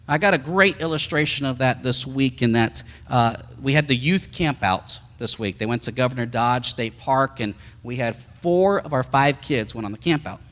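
A middle-aged male pastor giving an animated sermon, swinging between loud emphasis and soft, intimate talk. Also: mid-range voice, in a large hall.

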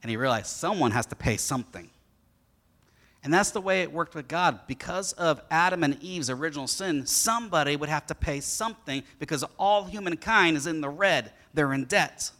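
A man's voice: fairly high pitch, normal speed. A man preaching a sermon, telling a story about his son and acting out the boy's lines with energy. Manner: animated storyteller who acts out his son's lines. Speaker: pastor.

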